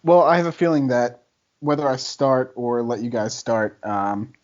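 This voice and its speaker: A man in a casual podcast debate, talking loosely and laughing often as he builds his case. His voice sits at an ordinary middle pitch. The recording is dull and lo-fi, like a cheap home microphone. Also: expressive, normal speed, a little mellow. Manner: chatty, laughs often, argumentative.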